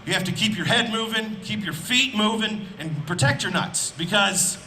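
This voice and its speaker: A man from Indiana works an outdoor festival crowd with a stand-up set, his voice pitched high and bright with a forceful edge. He talks loud and animated, throwing some punchlines out as shouts into a handheld stage mic. Faint outdoor ambience sits behind him. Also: normal speed, slight background noise, poor audio. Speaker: stand-up comedian.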